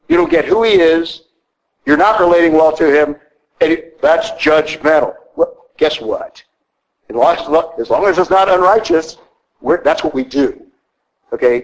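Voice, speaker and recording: A man's voice: fairly high pitch, poor audio. A middle-aged male priest giving a blunt, conversational sermon in a church, often asking "okay?". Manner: blunt, conversational preaching with frequent "okay?" asides.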